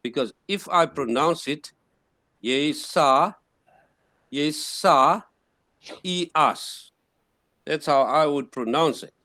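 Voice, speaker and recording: Slow-spoken man teaching a class. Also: fairly high pitch, pushed and bright, dry recording. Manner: slow and repetitive, sounding words out syllable by syllable. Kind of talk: classroom lesson.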